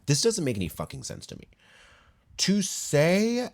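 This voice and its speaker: A man's voice: medium pitch, huge pitch swings, rapid-fire, gravelly, husky. A man delivering video essay commentary, impassioned and blunt, with sudden emphatic rises and long read-aloud passages.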